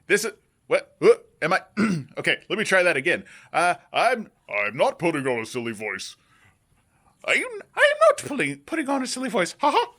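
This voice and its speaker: A man putting on the voice of a flustered comedian who can't stop using a high, sing-song silly voice. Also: huge pitch swings, moderate pace, a bit bright, full character voice. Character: flustered adult male comedian stuck in a silly voice.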